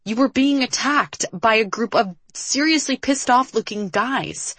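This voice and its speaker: A woman voicing a defiant, quick-tempered young woman who answers sharply. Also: fairly high pitch, breathy edge, no echo, voice pushed up. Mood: exasperated. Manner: sharp, retorting.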